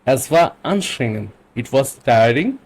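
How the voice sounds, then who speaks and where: A man teaching German vocabulary in English, explaining patiently and repeating phrases slowly. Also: medium pitch, very animated, darkish tone, slight background noise. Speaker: language teacher.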